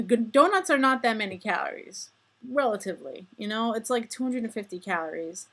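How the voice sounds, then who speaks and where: A woman's voice: fairly high pitch, animated, normal speed. A woman in her twenties talking casually to her viewers in a rambling, self-deprecating vlog monologue. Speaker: vlogger.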